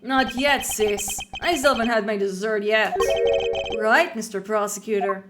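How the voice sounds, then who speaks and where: A woman's voice: mid-range voice, steady tone, measured pace, lightly acted. A woman voicing a cocky, swaggering male agent with a put-on Southern US accent, reading game dialogue over music. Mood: cocky taunting. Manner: teasing, brash, drawling.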